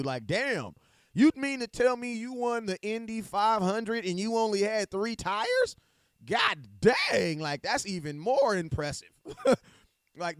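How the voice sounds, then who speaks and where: A man with a fairly high voice co-hosts a live sports stream as a podcast co-host, chatting casually about sports in loose slang and laughing often. He's an adult with a young daughter. Recorded on a home mic with no room sound, the audio still has studio quality.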